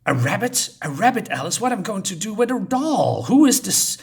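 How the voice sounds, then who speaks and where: A man's voice: sits high, sing-song, brisk, gravelly, voice pushed up, full character voice. A man reading aloud the lines of a bitter man buried in debt, in an impatient, scolding way. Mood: irritated. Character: grown man, indebted and bitter toward Alice.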